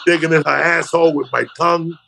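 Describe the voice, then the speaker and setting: A man's voice: on the high side, steady tone, quick pace, gravelly, crowd noise. A man, a comedian, telling crude, profane stories in a casual podcast chat. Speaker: comedian guest.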